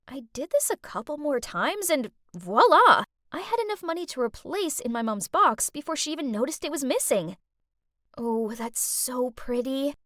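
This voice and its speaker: Young woman narrator for an animated teen story, dramatic, confiding, high voice with wide swings. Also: no echo, studio quality.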